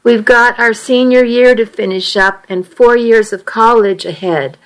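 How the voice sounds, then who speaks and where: A woman's voice: fairly high pitch, unhurried, pitched above the performer's own voice, natural voice, low-quality recording. A woman reading a worried teenage boy. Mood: troubled. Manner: earnest and uneasy, reasoning things through. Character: earnest, worried seventeen-year-old boy. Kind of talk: audiobook dialogue reading.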